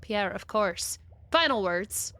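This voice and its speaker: A woman's voice: mid-range voice, animated, slow, sharp tone. A woman playing her character in a tabletop role-playing game, talking in an earnest, pleading way. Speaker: player.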